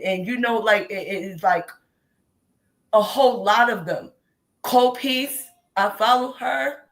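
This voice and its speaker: A woman in her thirties calls into a live show over a remote line. Her voice sits at an ordinary middle pitch, and she talks in an impassioned, rambling way, circling back and restarting her sentences again and again. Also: fairly bright tone, rough recording. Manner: rambling, emphatic, many restarts. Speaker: caller on a live stream. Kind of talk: impassioned call-in commentary. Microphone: remote call.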